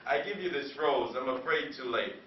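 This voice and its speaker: A man's voice: mid-range voice, moderate pace. A man from New Jersey performing spoken word poetry in an earnest, confessional, rhythmic way. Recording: echoey room, far from mic, dull lo-fi sound.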